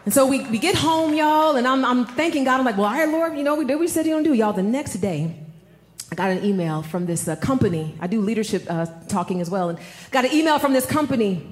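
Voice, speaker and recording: A woman preaching a sermon, telling a personal story with animated delivery and calling the audience y'all. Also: a little high, fast talker, roomy sound.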